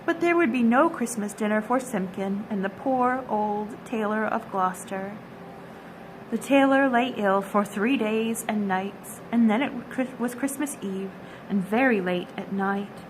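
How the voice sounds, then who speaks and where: A woman reading a children's storybook aloud in a gentle, expressive storytelling manner. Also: mid-range voice, a little slow, slight background noise, poor audio.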